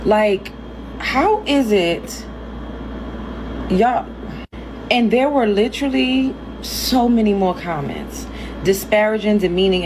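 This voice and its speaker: A woman's voice: medium pitch, background noise. A woman co-hosting a commentary show, talking in an indignant, pointed way. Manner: indignant, reads comments aloud. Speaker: co-host. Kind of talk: casual commentary.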